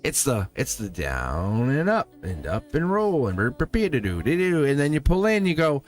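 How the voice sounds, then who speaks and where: A man's voice: mid-range voice, big pitch swings, normal speed, soft background music. A man hosting a live tarot reading, playful and laughing often as he talks to his viewers. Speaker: tarot reader and live stream host.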